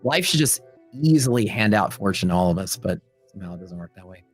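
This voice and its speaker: A man's voice: deep voice, fast talker, faint music behind. Joking, storytelling man host on a stream. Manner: joking, animated storytelling with quoted voices. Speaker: livestream host. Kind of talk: casual chat with live chat.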